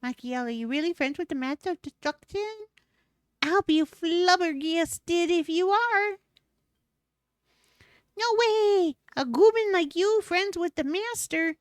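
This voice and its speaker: A woman's voice: extremely high pitch, a little slow, dry recording, clean studio sound, voice pushed up. A woman voicing a bubbly little monster that mangles words playfully, reading game dialogue. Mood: curious.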